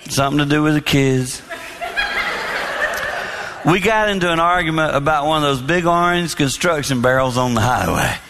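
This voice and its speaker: A middle-aged man preaching a storytelling sermon on marriage, animated, acting out quotes and laughing along. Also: a little high, normal speed, pauses often, background noise. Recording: long hall reverb.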